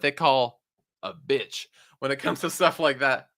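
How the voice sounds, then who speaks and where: Rambling young man, bright dry voice. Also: medium pitch, measured pace, no echo. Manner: rambling, self-interrupting, swears often. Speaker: podcast co-host. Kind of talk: casual chat.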